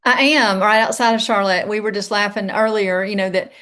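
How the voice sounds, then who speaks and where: A woman's voice: mid-range voice, fairly even intonation, brisk, bright, forceful tone. A woman from East Tennessee with a Southern accent, a guest coach chatting easily on a podcast. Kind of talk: casual podcast interview.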